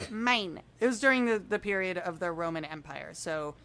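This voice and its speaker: A woman's voice: lowish voice, lively intonation, brisk, fairly bright tone, smooth. A woman co-hosting a podcast, telling history in a playful, jokey way and laughing often. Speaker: podcast co-host. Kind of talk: casual history chat.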